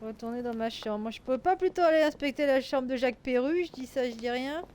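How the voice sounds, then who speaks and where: A woman's voice: high-pitched, fast talker, darkish tone, slight background noise. A woman doing a casual let's-play commentary, joking, swearing and thinking aloud.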